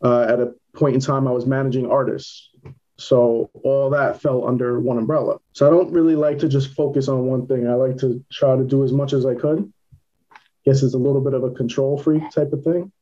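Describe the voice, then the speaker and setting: A man's voice: medium pitch, steady tone, brisk, mellow, highs cut off. A man from Queens with a New York accent, a filmmaker answering interview questions in a plain-spoken, matter-of-fact way. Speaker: filmmaker guest. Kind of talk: casual interview.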